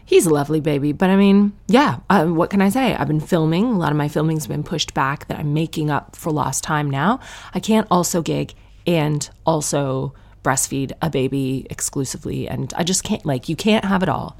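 A woman talks through her week as a podcast host, in a brash, ranting comic monologue. Her voice sits low with a gravelly fry, and her tired manner breaks into loud, animated outbursts. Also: normal speed. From Canada. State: tired new mother.

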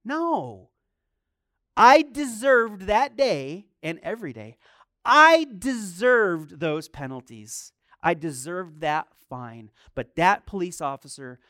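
A man's voice: sits high, fairly bright tone, no room sound, clean studio sound. A man preaching a sermon as a pastor, telling stories, asking rhetorical questions and acting out the voices he quotes.

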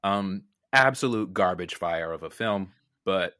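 A man's voice: low-pitched, measured pace, bright, forceful tone, no room sound, clean studio sound. A young man co-hosting a podcast, chatting loosely about films, swearing and laughing often. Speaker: podcast co-host. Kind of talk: casual film chat.

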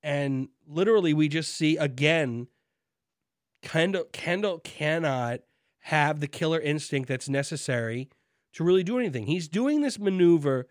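A man co-hosting a casual chat, animated and jokey, acting out quotes from the show. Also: on the high side, normal speed, dry recording, studio quality. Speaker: podcast co-host.

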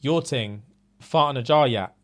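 At a measured pace and medium pitch, a London-accented podcast co-host gives an animated, casual retelling of a story. He voices the quoted people differently each time and swears freely.

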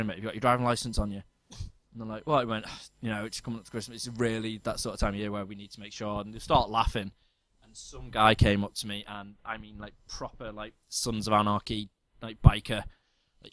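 A man's voice: fairly low pitch, no room sound. Chatty man telling stories. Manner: animated storyteller, laughs often. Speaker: podcast co-host. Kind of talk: casual chat.

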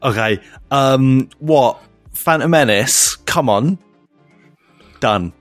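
A man on a casual podcast, ranting in mock outrage, fast and stumbling over repeated words. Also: medium pitch, animated, dry recording, soft background music. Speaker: podcast co-host. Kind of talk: casual chat, mock rants.

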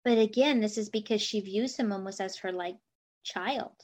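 A woman guest in a casual book discussion, animated and acting out quotes as she talks. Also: mid-range voice, moderate pace. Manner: animated, reads passages and acts out quotes. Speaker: podcast guest.

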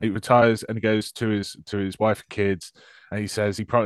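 A man's voice: fairly low pitch, level tone, normal speed, clear, resonant tone, no echo, studio quality. A man co-hosting a casual podcast, bantering sarcastically about a movie and laughing often. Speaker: podcast co-host. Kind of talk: casual chat.

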